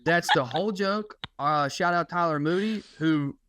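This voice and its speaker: A man, a comedian and podcast host, telling a profane, animated story about a stand-up gig in casual chat. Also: fairly high pitch, normal speed.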